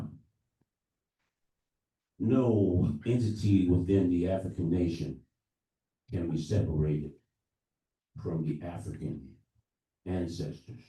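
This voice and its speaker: Earnest, low-voiced man addressing a congregation, heard from a distance. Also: warm tone. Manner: earnest, with halting pauses and restarts. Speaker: elder leading a libation. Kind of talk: preaching-style address. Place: church hall during a live service. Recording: echoey room from far off.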